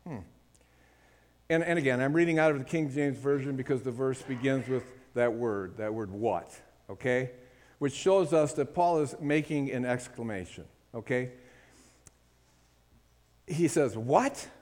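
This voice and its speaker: A man's voice: mid-range voice, unhurried, pauses often, a little mellow. A man preaching a sermon, speaking emphatically and calling for amen from the congregation. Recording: hall with long reverb.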